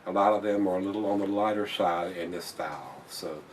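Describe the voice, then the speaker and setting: A man's voice: low-pitched, brisk, distant mic, a little hiss or hum. A man reviewing a beer in a casual vlog, blunt and plain-spoken, swearing when annoyed and repeating himself.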